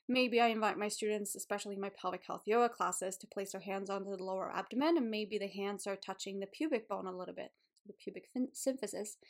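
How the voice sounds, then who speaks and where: A woman's voice: mid-range voice, fairly bright tone. Candid woman yoga teacher podcasting. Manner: candid, emotional, swears casually. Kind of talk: casual solo podcast talk.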